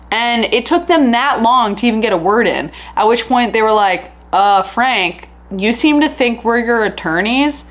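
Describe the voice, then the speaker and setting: Chatty woman telling a true crime story. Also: on the high side. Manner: chatty and candid, animated retelling. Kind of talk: casual true crime narration.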